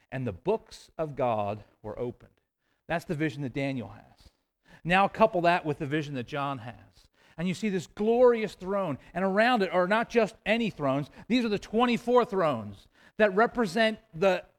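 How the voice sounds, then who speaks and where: A high-pitched man delivering a sermon. He shifts from quiet asides to booming emphatic declarations and tosses in playful jokes along the way. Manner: animated, swings between hushed asides and loud emphatic declarations. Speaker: preacher.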